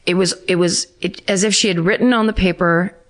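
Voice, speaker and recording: A woman's voice: fairly low pitch, steady tone, brisk. A woman co-hosting a podcast in casual chat, rambling through a story with restarts and fillers, and reading listener emails aloud. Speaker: podcast co-host.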